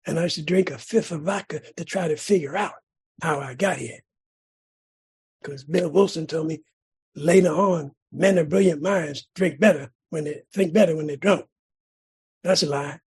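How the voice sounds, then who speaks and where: A middle-aged man from California sharing his recovery story at a meeting, telling it dramatically with sudden loud bursts and rhythmic repetition. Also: a little high, normal speed, slightly rough. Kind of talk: personal recovery testimony.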